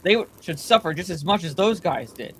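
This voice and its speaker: A woman's voice: on the low side, lively intonation, fairly quick, husky. Resentful soldier, read by a woman. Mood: bitter. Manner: muttered, resentful. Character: bitter, vengeful young soldier.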